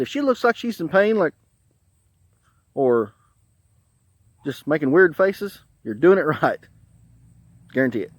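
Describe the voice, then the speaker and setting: Lively folksy Southern man telling a joke. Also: on the high side, no echo. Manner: folksy, bawdy, laughs at his own jokes. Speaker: comedian telling a story. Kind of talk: comic storytelling.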